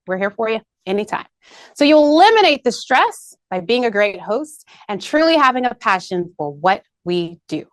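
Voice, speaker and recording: A woman's voice: on the high side, very animated, moderate pace, no room sound. A woman presenting to a team in an upbeat business meeting, peppy and rallying, repeating key points. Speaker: marketing presenter. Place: video call meeting.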